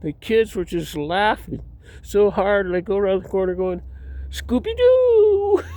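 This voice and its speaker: A man's voice: high-pitched, steady tone, normal speed, darkish tone. A man outdoors telling rambling personal stories, often cutting himself off and laughing at his own tales. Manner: meandering, self-interrupting, laughs at own stories. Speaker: vlogger.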